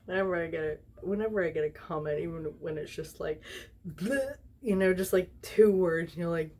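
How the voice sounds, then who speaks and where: Young woman a bit drunk reading fic aloud, husky low-ish voice, giggles and side comments. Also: fairly even intonation, fairly quick, a little mellow. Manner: giggly, rambling, side comments between read lines. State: tipsy from drinking wine. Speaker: fanfiction reader. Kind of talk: tipsy casual storytime reading.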